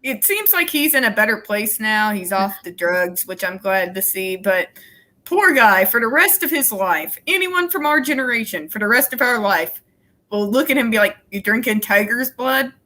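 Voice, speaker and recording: A woman chatting casually as a stream guest, excitable and full of exclamations. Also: mid-range voice, moderate pace. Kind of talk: casual chat.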